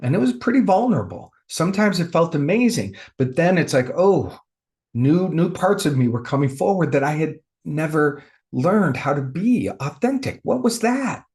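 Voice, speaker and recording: A man sharing a personal spiritual testimony as a spiritual teacher, emotional and swinging between loud bursts and hushed lows. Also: big pitch swings, normal speed.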